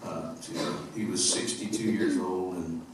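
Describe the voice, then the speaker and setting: A man from upstate New York spins loose, humorous stories between songs, full of fillers and asides. His voice sits very low. The live theater recording is heavily echoey and noisy. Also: fairly even intonation, measured pace, recorded from a distance. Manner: rambling, humorous storytelling with fillers. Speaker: singer-songwriter on stage. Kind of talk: stage banter between songs. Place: theater stage at a live concert.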